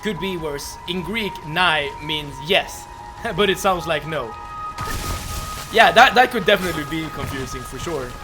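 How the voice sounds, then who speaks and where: Chatting with his stream audience during a game, a young man with a Swedish accent laughs often and stammers, repeating words a great deal. His voice is a little high, expressive and unhurried, over soft game music.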